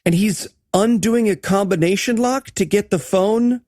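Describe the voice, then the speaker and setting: A high-voiced man mocks a bad film's logic, breaking into laughter as he riffs. The sound is dry and close. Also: unhurried, a little mellow, dry recording. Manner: mocking, laughs often. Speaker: podcast co-host. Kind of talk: casual comedic movie riffing.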